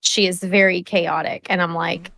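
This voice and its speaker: A woman's voice: lowish voice, little pitch movement, normal speed, gravelly, bright, forceful tone. Laughing woman co-host telling a story. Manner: laughing storyteller, blunt, swears. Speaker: podcast co-host. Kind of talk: casual chat.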